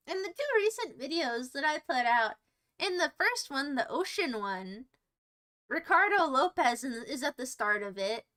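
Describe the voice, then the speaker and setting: A woman's voice: sits high, sharp tone. A young woman livestreaming, chatting with viewers in a silly, rambling, self-mocking way that jumps from topic to topic. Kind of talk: rambling live-stream chat with viewers.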